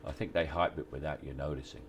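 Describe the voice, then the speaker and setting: A man, giving relaxed, halting interview answers on location at a film set, with many restarts and wry chuckles. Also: a bass voice, noisy background. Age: 60s. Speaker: actor interviewee.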